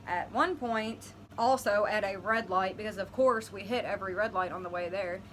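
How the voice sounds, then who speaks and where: A woman's voice: mid-range voice, normal speed, a bit bright, a little hiss or hum, rough recording. A young woman vlogging, animatedly retelling a personal story and acting out her own reactions. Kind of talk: storytelling vlog.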